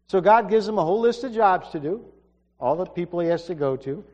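A man's voice: high-pitched, lively intonation, a little fast, a little mellow. A man preaching a sermon, earnest and emphatic, often restarting his sentences. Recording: dull reverberant hall recording.

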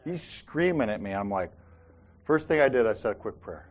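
This faith talk show host sounds animated, with a lowish voice at a moderate pace. He chats casually about faith through personal stories, often asking "right?" and "Amen?".

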